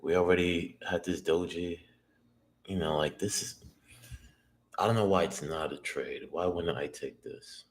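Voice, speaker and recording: Here a man live-streams his day trading, muttering his thoughts aloud, swearing and questioning every trade. His voice is deep and unhurried, recorded with a roomy echo and faint background noise.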